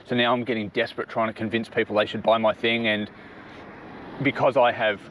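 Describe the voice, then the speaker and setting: A man's voice: lowish voice, little pitch movement, brisk, fairly bright tone, slight background noise. Middle-aged man explaining, checking "right?". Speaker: father giving business advice. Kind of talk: casual advice talk.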